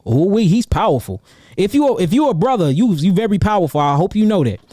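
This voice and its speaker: A man hosting a livestreamed Q&A about herbal healing, animated and repetitive, calling out names from the chat and hammering his points home. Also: high voice, fairly quick, no room sound, studio quality. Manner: animated, calls out chat names and repeats himself for emphasis. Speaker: herbalist host answering viewer questions. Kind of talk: livestream Q&A, casual and preachy.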